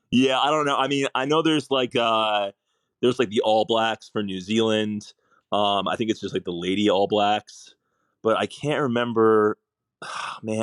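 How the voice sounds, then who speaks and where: Low-voiced man thinking aloud. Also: clear, resonant tone, no echo. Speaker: trivia contestant. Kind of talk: casual game chat.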